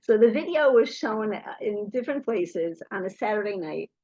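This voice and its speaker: Talking at a normal speed with a medium-pitched voice, a middle-aged woman shares anecdotes with an audience, animatedly impersonating the people in them. The recording is dry and sounds muffled.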